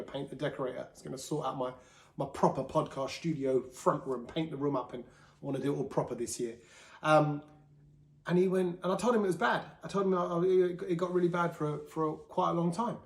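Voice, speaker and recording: A man's voice: fairly high pitch, steady tone, a little fast, echoey room. A man hosting a podcast, talking openly and casually about himself, slipping into quoted voices. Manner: chatty, open, with quoted voices and laughs. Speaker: podcast host. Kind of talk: candid solo talk.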